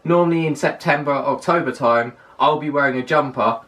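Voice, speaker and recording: A man's voice: medium pitch, brisk, fairly bright tone. A young man from London with a well-spoken London accent, chatting to camera in a casual countdown list, emphatic and repeating words for stress. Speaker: vlogger. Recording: voice a little distant from the mic.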